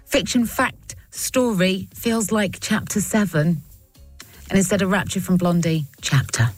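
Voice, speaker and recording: Radio host reading listener puns, lively, faint music bed behind. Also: female voice, medium pitch, breathy edge. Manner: lively, playful, reads out puns with quick reactions. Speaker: radio presenter. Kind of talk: upbeat radio chat reading listener texts. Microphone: studio microphone.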